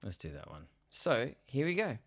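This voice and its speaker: A man's voice: medium pitch, huge pitch swings, normal speed. A tired man chatting casually on a live stream while he records a song in a home studio, joking at his own expense and swearing often. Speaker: musician streaming a songwriting session. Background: loud music from the track being recorded.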